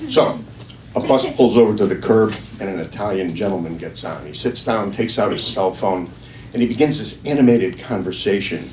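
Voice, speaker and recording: A man's voice: on the low side, animated, moderate pace, a little mellow. A man doing stand-up, telling jokes with dry self-deprecating asides at a small comedy club. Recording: echoey room, distant mic, noisy.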